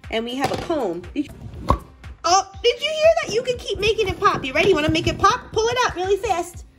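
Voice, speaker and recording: Woman, very high lively voice, excited toy unboxing, gasps and gushes, soft music behind. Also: quick pace. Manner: gushing, gasping with excitement. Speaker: toy collector and parent blogger. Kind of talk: casual toy unboxing chat.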